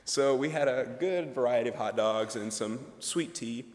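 A man's voice: mid-range voice, moderate pace, darkish tone. A young man, a ministry student, giving a humorous, chatty chapel talk, full of asides and fillers. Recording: reverberant chapel hall.

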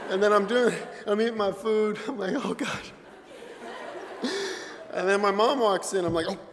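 A man's voice: high voice, a little fast, a crowd in the background. A young man, a student, telling a story at a talk in a large hall, laughing often and acting out what people said. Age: young adult. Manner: animated storyteller, laughs often, acts out quotes. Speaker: student presenter. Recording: noisy hall recording, long reverb.

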